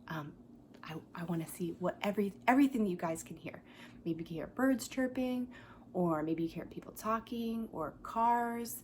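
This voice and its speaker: Expressive pre-K teacher reading aloud. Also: female voice, medium pitch, moderate pace, a little hiss or hum. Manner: expressive, acts out animal sounds and invites children to join in; drops to a whisper at quiet moments. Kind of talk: picture book read-aloud for young children. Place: her home, by a coffee table.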